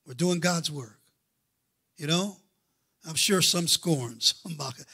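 A man preaching a sermon as pastor, swinging from quiet asides to loud fervent preaching. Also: on the high side, a little slow, pauses often, breathy edge. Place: church auditorium.

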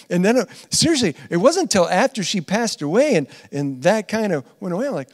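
A man preaching a conversational sermon as pastor. He is earnest, laughs often, repeats phrases, and swings from loud emphatic lines to quiet asides. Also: high-pitched, big pitch swings, brisk, few pauses, big-room sound. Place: church hall.

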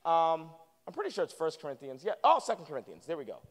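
A man preaching a sermon as a guest preacher in a church, animated and calling for responses from the congregation. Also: a little high, fast talker. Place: church sanctuary. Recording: long reverb of a church hall.

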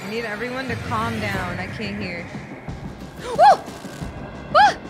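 A woman's voice: mid-range voice, moderate pace. A young woman streaming a horror game, chatting with viewers and yelping and swearing when startled. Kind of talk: live gaming commentary. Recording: loud game music behind.

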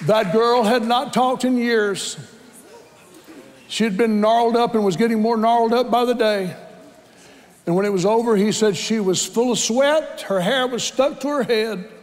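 A man's voice: very high voice, measured pace, long reverb tail, a faint crowd. A man preaching a sermon, telling a story dramatically and acting out the voices in it. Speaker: pastor. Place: church sanctuary.

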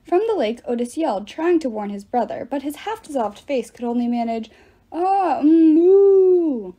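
A woman reading a novel aloud with lively, expressive narration. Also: on the high side, fairly quick, husky, muffled recording. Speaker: reader.

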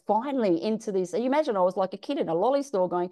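A middle-aged Australian woman, a DJ guest, telling stories in a frank, animated way and acting out the quotes. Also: medium pitch, brisk. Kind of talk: casual storytelling interview.

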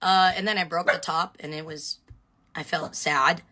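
A woman chatting excitedly on a phone live stream, answering viewer questions and shouting out fans. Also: low-pitched, moderate pace. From Filipino background. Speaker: reality show contestant on a live stream.

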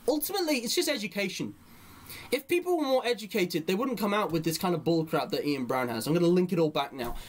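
A man giving rambling opinion commentary on a live stream. He thinks aloud, and his delivery slows right down whenever he dictates a reply. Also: high-pitched, lively intonation.

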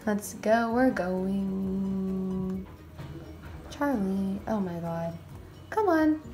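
Excitable woman narrating a game roleplay. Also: mid-range voice, drawn-out words, soft background music. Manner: excitable, frequent exclamations. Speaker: roleplay video host.

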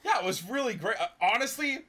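A young man from Canada talking casually about a film he watched, relaxed, laughing and swearing. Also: very high-pitched, fast, a crowd in the background. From Quebec, Canada. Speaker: co-host reacting to a film. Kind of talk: casual reaction chat.

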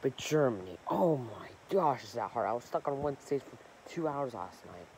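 A young male vlogger talks in loose, rambling sentences, stopping to correct himself and filling gaps with small verbal habits. His pitch sits in an ordinary middle range for a man. A clear hiss of background noise runs under the recording. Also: lively intonation, brisk, a little mellow, rough recording. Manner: rambling, self-correcting, many fillers. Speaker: gaming channel host. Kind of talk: casual rambling vlog chat.

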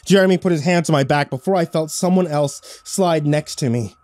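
A man's voice: on the high side, brisk, a little mellow, dry recording. A man narrating a first-person horror story in a dramatic, scripted storytelling style.

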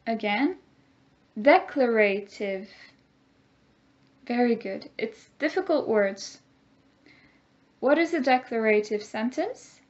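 A woman teaching a grammar lesson, speaking slowly and clearly and having the class repeat words after her. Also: fairly high pitch, darkish tone, dull audio. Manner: slow, clear teacher talk with call-and-repeat drills.

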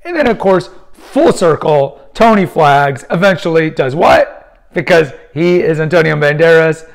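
A man's voice: a little high, expressive, a little slow, gravelly. A man in his fifties who hosts a podcast, giving casual, opinionated film commentary and rambling with frequent restarts and fillers. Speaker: podcast host.

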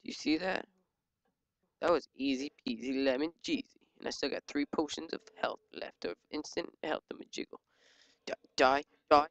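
A gaming channel host giving excitable live commentary while playing, yelping and joking at enemies. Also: medium pitch, moderate pace, no echo, lo-fi sound. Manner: excitable, yelps and jokes at enemies. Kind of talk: live let's-play commentary.

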